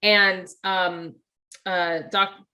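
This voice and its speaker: A woman co-hosting a casual movie talk show, animated and acting out quoted lines as she retells scenes. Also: on the low side, extremely slow. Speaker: podcast co-host.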